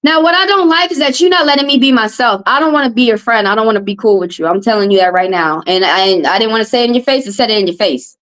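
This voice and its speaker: A tarot reader from the American South rants at her live-stream chat, upset, confrontational and repeating herself. Her voice is fairly high and a bit bright, and she talks quickly with hardly any pauses.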